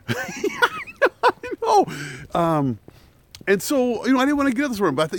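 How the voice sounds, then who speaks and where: A man's voice: high voice, wildly swooping pitch, a little slow, pauses often. A man live-streaming a walk outdoors in a wooded park, talking casually through a camera on a selfie stick. He chats and laughs often, and jokes about the danger around him.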